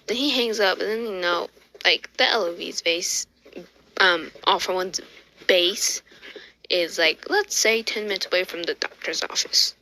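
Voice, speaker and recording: A woman's voice: lowish voice, fairly even intonation, moderate pace, sharp tone, rough recording. A woman telling a fan story in a casual, rambling way, restarting often and saying "like" a lot.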